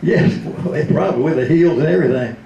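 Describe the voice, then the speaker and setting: A man's voice: on the high side, fast talker, gravelly, warm tone, lo-fi sound, slight background noise. A man in his seventies, a retired radio DJ, telling comic stories in a speech, laughing often and slipping into voices. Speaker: retired radio DJ, convention speaker. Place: convention hall. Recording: roomy hall.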